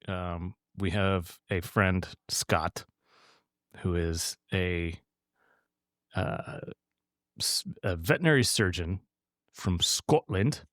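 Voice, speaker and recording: Low-voiced man chatting on a podcast. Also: a bit bright, dry recording, studio quality. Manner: rambling, restarts, laughs at own jokes. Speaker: podcast co-host. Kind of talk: casual chat.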